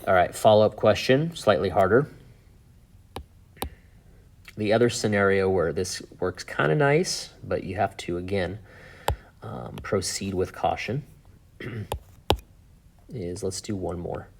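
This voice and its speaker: A man teaching a math lesson in a relaxed, chatty way, thinking aloud with fillers and asides. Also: low voice, a little slow, vocal fry, a little hiss or hum. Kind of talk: casual whiteboard lesson.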